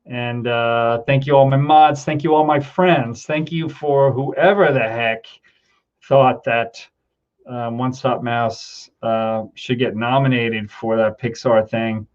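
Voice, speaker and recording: A man's voice: medium pitch, steady tone, takes it slowly, lo-fi sound. A middle-aged man hosting a casual livestream, rambling with many ums and getting teary as he thanks his viewers. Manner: emotional, teary, laughing between words. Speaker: livestream host. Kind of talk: casual livestream chat reading viewer comments.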